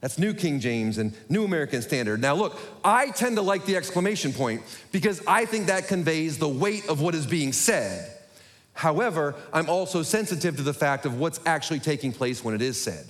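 Man, pastor, sermon, quick and humorous, higher voice, long hall reverb. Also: lively intonation. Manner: quick-talking, humorous, self-deprecating. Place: church sanctuary. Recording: echoey hall.

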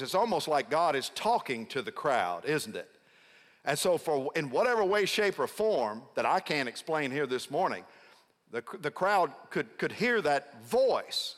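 A middle-aged man preaching a sermon as a pastor. He stresses key words by slowing down and calls on the congregation to answer back. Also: a little high, big pitch swings, fairly bright tone. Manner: emphatic, prompts congregation responses. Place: large church sanctuary. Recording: long hall reverb.

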